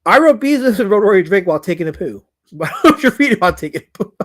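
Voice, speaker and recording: High-voiced man, rambling livestream chat. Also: big pitch swings, a little fast, a bit bright. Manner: rambling, with many stuttered repeats. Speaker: streamer and comic creator. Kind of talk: casual livestream chat, reading comments.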